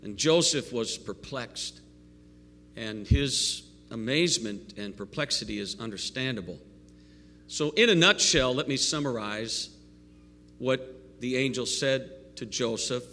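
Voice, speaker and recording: A male pastor giving a live sermon, animated and playful, with jokey asides and call-and-response with the congregation. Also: mid-range voice, unhurried. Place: church sanctuary. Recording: long reverb of a church hall.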